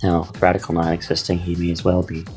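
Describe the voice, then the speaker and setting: A man reading a story aloud in the first person, with a measured, descriptive delivery. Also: deep voice, completely flat delivery, darkish tone, soft background music. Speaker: narrator.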